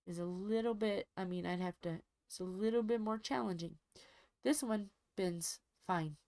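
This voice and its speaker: A woman's voice: on the low side, darkish tone, no echo. A woman hosting a diamond painting channel, chatting casually while she crafts and telling a rambling, folksy story from home.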